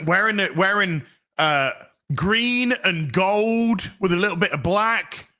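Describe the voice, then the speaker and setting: A man hosts a casual livestream, rambling through his thoughts with frequent false starts and plenty of swearing. His voice is bright and forward, and pitched a touch high for a man. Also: lively intonation, takes it slowly. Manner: rambling, with many restarts and swearing. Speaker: streamer host reading chat.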